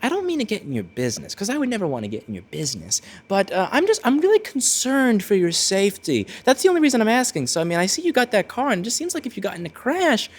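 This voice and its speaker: A man's voice: high-pitched, huge pitch swings, quick pace, hardly any pauses, pitched above the performer's own voice, exaggerated voice. A man voicing a nosy, two-faced relative who pries while pretending to worry. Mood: fake concern. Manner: sugary fake-concerned prying.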